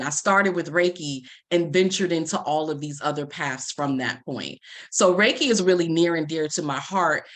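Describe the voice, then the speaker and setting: A woman in her forties shares a personal story with an audience, acting out the lines she quotes. Her voice sits fairly low for a woman. She speaks with lively, expressive storytelling. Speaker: life coach and Reiki practitioner.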